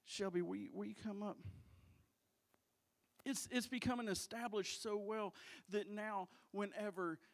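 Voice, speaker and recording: High-voiced, impassioned male pastor. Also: steady tone, measured pace, creaky. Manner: impassioned, repeating phrases for emphasis. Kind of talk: sermon. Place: church sanctuary.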